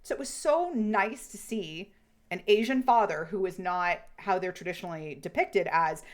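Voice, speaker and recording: A woman co-hosting a podcast, chatting casually and retelling scenes with animated quoted lines. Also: on the low side, normal speed. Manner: animated retelling with quoted voices, frequent swearing. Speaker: podcast co-host. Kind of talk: casual chat.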